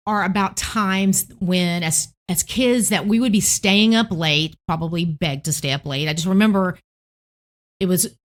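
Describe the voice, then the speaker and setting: Woman host telling stories. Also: medium pitch. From Tennessee, United States. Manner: gentle, reminiscing storyteller. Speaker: podcast host. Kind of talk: devotional podcast talk.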